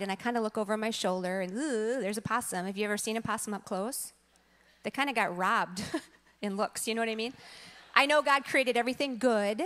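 Woman, church teacher, storytelling sermon, fairly high voice, long church reverb. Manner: animated storytelling, acts out quotes. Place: church sanctuary.

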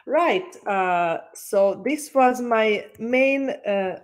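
A woman instructor giving an online lecture, explaining slowly with many hesitations. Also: a little high.

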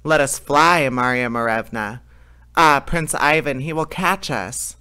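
A man's voice: medium pitch, a little slow, sharp tone, clear, resonant tone. A man voicing an anxious, loving young princess who speaks urgently.

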